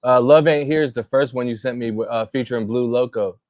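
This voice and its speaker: A man's voice: medium pitch, fairly even intonation, a little fast, a little mellow, no echo. Easygoing man introducing tracks, dry sound. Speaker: DJ playing the tracks.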